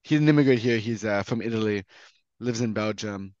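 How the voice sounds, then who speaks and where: A man's voice: on the low side, fairly quick, darkish tone, no echo. Young male interviewer, casual, talks in loose run-ons, dry dull recording. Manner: chatty, often checks in with "you know what I mean".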